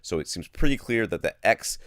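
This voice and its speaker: A man co-hosting a tech podcast, reading news fast and rambling, tripping over words as he goes. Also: on the low side, animated, fairly bright tone, no room sound, studio quality. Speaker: podcast co-host. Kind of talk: casual podcast chat.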